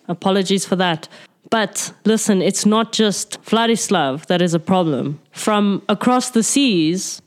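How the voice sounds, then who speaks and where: A woman playing a tabletop game, speaking in character in an earnest, persuasive way. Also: mid-range voice. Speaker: player.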